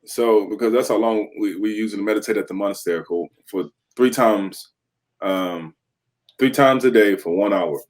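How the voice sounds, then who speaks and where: Here a former professional football player in his thirties, a guest on an interview, talks at normal speed in a fairly low voice. Candid and lively, he laughs and voices the characters in his own story.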